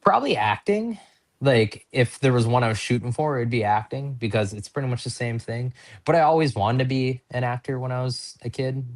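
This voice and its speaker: Speaking a little fast with an expressive, medium-pitched voice, a North Dakota pro wrestler shares casual stories as a podcast guest. His interview talk is chatty and rambling, and he's quick to laugh at himself.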